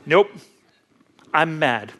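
A man's voice: fairly high pitch, very animated, drawn-out words, pushed and bright, exaggerated voice. A man voicing a sulking king who whines like a child during a sermon. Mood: whiny. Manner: whining, pouting.

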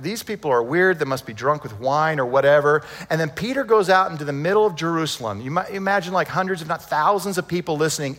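A male pastor preaching in a lively, conversational way, full of rhetorical questions. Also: on the high side, long reverb tail. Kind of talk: sermon.

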